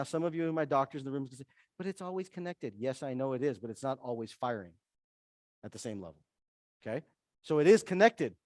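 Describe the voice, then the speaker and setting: A man giving a lively seminar talk to a room of listeners, putting questions to the audience and acting out inner voices. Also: a little high, dry recording, studio quality. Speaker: wellness speaker. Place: event room with a live audience.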